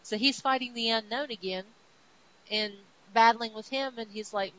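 Woman podcaster recapping comics, highish voice, dull sound w hiss. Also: normal speed, a bit bright. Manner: chatty storytelling, acting out the characters. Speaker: podcast host. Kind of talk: casual comic book recap.

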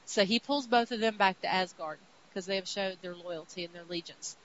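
A woman co-hosting a podcast, casually recapping comic stories with lively retellings of what the characters say. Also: medium pitch, quick pace, hardly any pauses. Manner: animated retelling, quoting characters in her own voice. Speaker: podcast co-host. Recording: dull lo-fi audio with faint hiss.

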